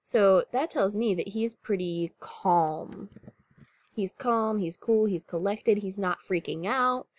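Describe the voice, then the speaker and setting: Woman teacher, picture-book read-aloud, slow, lively pitch, dry close sound. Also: dry recording. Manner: warm, clear classroom explaining. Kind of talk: reading a picture book aloud and explaining to pupils.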